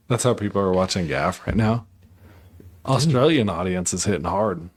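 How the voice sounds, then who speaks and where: A man's voice: low voice, expressive, a little slow. A man hosting a podcast, chatting casually in a laid-back, slangy way. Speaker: podcast host.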